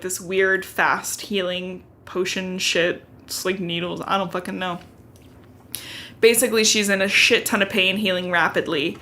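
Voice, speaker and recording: Bright, chatty young woman, casual recap. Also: medium pitch. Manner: chatty, profane, uses many fillers. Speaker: podcast host. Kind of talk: casual book recap chat.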